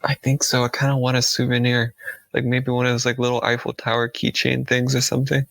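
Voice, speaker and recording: A man's voice: mid-range voice, completely flat delivery, fairly quick, creaky, fairly bright tone. A man playing a tabletop game, laid-back and joking. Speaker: player. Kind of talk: tabletop role-play chat.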